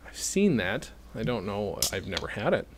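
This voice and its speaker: A man's voice: on the low side, big pitch swings, moderate pace, noisy background. A man hosting a casual podcast from a home studio, rambling and self-deprecating with lots of jokes and fillers. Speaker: podcast host.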